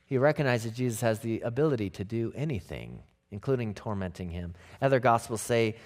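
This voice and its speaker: A man's voice: medium pitch, expressive, a little fast, few pauses, a little mellow. A male pastor preaching a sermon emphatically, with rhetorical questions and repeated phrases.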